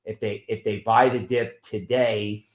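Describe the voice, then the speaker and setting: A man hosting a live stream in casual chat, halting and restarting as he reads viewer comments aloud. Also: fairly low pitch, level tone. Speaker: host. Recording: echoey room.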